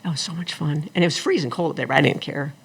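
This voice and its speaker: A middle-aged woman telling her story as an interview guest, animated and acting out the people she quotes. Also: deep voice, very fast, creaky, breathy edge. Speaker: guest, attorney and former engineer.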